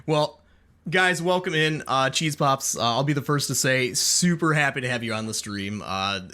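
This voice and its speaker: A man hosting a casual podcast chat, upbeat and halting, with many restarts. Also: medium pitch, sharp tone. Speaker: podcast host.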